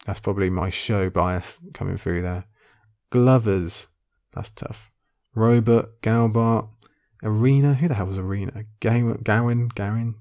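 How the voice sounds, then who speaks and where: Male quiz vlogger, low and gravelly, casual muttered think-aloud commentary. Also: a little mellow. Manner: muttering guesses half to himself, then committing. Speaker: video creator playing an online quiz.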